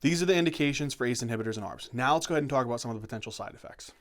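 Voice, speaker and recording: A man giving a medical lecture, energetic and conversational, often asking questions and checking in with "right?". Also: mid-range voice, rapid-fire. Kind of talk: whiteboard lecture.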